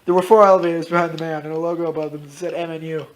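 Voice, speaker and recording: A man casually reading out his own story, dropping into loud voices for its characters. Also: on the high side, little pitch movement, very fast, slight background noise. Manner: switches into loud shouted character lines, swears freely.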